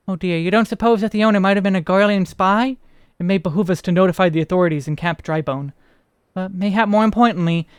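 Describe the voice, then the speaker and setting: A man's voice: sits high, smooth, no room sound, clean studio sound, lightly acted. A man voicing a curious, learned male game character who speaks in a formal, old-fashioned way. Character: curious, learned man puzzling over a device.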